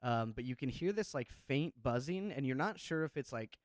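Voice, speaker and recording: A man's voice: mid-range voice, expressive, moderate pace, no echo, studio quality. A man narrating a tabletop game as game master, loose and full of fillers.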